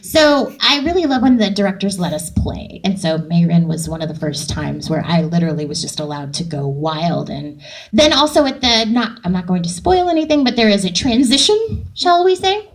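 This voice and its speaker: A voice actress in an interview, telling a story in an animated way and slipping into the voices she plays. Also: medium pitch, normal speed, low-quality recording. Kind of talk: interview anecdote.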